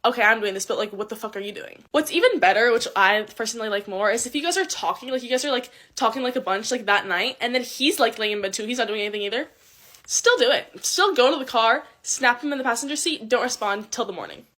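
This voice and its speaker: A woman's voice: on the high side, animated, fast, fairly bright tone. A young woman giving casual advice in a social media clip, rambling and swearing constantly. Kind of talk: casual video advice monologue.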